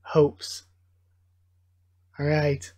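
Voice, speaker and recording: A man's voice: fairly high pitch, completely flat delivery, extremely slow, warm tone. A man hosting a live manga reading reaction, commenting in an enthusiastic, gushing fan manner. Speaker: reaction video host.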